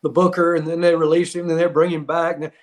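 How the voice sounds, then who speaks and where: Talking fast in a slightly high voice, a former wrestler turned podcast host, in his fifties, rattles off stories in a laid-back chat. He's animated and breaks into laughter often.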